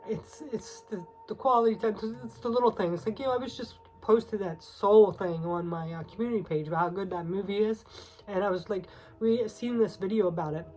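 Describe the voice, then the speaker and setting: A woman's voice: mid-range voice, brisk, rough recording. Woman tarot reader, teary, confiding, chatty with fillers, faint music behind. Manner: emotional, confiding, with frequent fillers and soft laughs. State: teary, on the verge of crying. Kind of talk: casual spoken tarot reading.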